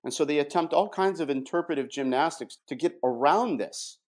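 A man giving a measured, emphatic theological explanation and reading passages aloud. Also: a little high, darkish tone. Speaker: guest presenting doctrine. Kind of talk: explanatory theological talk with read quotations.

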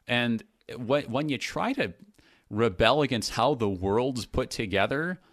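A man's voice: medium pitch, unhurried, fairly bright tone, no room sound, studio quality. A man hosting a radio talk show as a pastor, thinking aloud in casual talk with many restarts and fillers.

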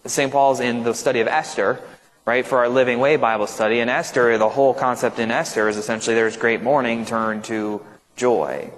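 A man's voice: medium pitch, steady tone, moderate pace. A male pastor leading an informal Bible study, talking conversationally and often checking in with his listeners. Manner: conversational, keeps checking in with "right?". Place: church, large echoey room. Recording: echoey hall reverb.

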